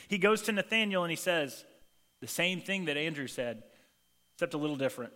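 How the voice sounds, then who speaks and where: A man preaching in a loose, talky way, slipping into little voices for the people in his story. His voice is bright and sits a bit high, and it rings with the long reverb of a big church sanctuary. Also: brisk. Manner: casual and animated, acts out quoted lines. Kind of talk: sermon. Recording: long reverb of a large hall.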